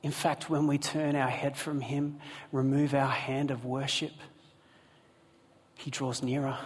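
A man's voice: medium pitch, steady tone, measured pace. A man preaching a sermon to a live congregation, telling a personal story with asides to the listeners. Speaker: pastor. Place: church hall with a live congregation. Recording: long hall reverb.

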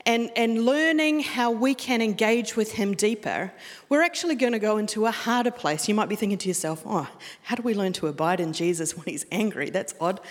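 A middle-aged woman with a New Zealand accent, preaching a sermon in a conversational, storytelling way. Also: fairly high pitch. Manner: conversational, storytelling with laughs and restarts. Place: church hall. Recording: long hall reverb.

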